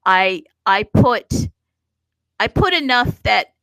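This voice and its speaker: Woman host, casual stream chat, animated and chatty, mid pitch, dry close sound. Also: slow pace, dry recording, poor audio.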